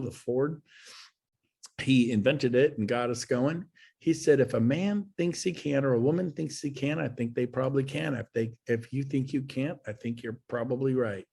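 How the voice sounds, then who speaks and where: Middle-aged male speaker with a rough, husky tone, delivering a punchy, repetitive pep talk over a video call. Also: medium pitch. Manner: energetic, folksy, emphatic, with repeated phrases. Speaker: guest speaker at a real estate webinar. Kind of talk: motivational talk.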